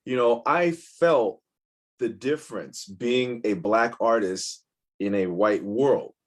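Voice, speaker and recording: A man with a middle-pitched voice tells personal stories as an interview guest. He speaks candidly and rambles, circling back with restarts before landing his points. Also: slow. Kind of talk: casual interview storytelling.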